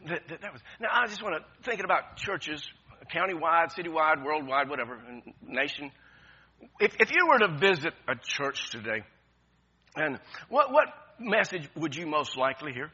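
A man's voice: a little high, very animated, normal speed, bright, forceful tone, slightly rough, lo-fi sound. A man preaching a sermon with passion, repeating phrases and restarting often. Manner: impassioned, repetitive preaching with many restarts. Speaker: pastor.

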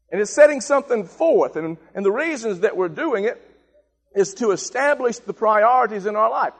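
A male pastor delivering a sermon, emphatic and repetitive, swelling into shouted calls for the congregation to repeat after him. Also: extremely high pitch. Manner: emphatic, rising to shouted call-and-response. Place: church sanctuary. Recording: long reverb of a church hall.

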